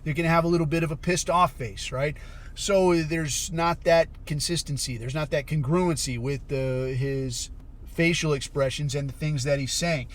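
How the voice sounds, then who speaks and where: A man's voice: fairly high pitch, normal speed. A man hosting a podcast, ranting in a blunt, profane and sarcastic way. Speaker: podcast host. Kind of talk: casual commentary rant.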